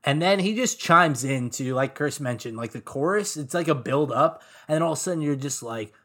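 This podcast co-host has a fairly high, fairly bright voice and talks expressively and rather quickly. He rambles casually about music, leaning heavily on fillers like "like" and "um."

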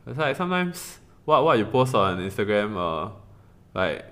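A man's voice: lowish voice, big pitch swings, moderate pace, a bit bright. A young man with a Singaporean English accent co-hosting a casual podcast, rambling with many fillers and bursts of laughter. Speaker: podcast co-host. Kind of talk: casual chat.

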